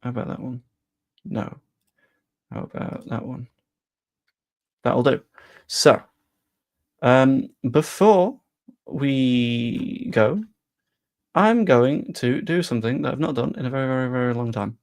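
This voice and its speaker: A man's voice: mid-range voice, animated, a little slow, pauses often, darkish tone. A young man chatting casually on a live stream about football, rambling with self-deprecating asides.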